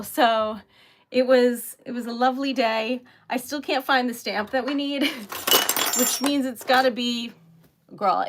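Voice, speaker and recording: A woman's voice: sits high, fairly bright tone. A woman hosting a livestream from her craft table, telling stories in a chatty, giggly way. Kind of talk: casual chat while crafting.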